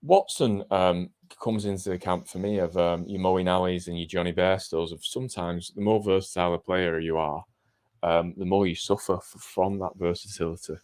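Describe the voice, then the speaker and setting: A man's voice: low-pitched, steady tone, normal speed, a little mellow, clean tone, no room sound, studio quality. A man co-hosting a live cricket watchalong, chatting casually and thinking aloud with frequent ums. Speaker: cricket podcast co-host.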